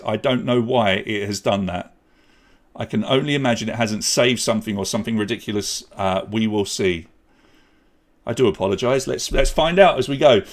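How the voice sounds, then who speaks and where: Chatty man hosting a quiz. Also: medium pitch. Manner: chatty, jokey, reads out scores. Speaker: quiz host. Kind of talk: live online pub quiz hosting.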